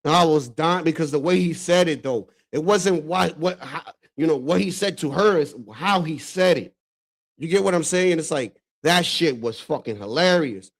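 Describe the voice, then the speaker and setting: A Dominican man hosts a stream with a fairly high-pitched voice at a normal speed. He reacts to clips in loose, profane chat packed with "bro" and lots of laughter, the tone of casual reaction commentary.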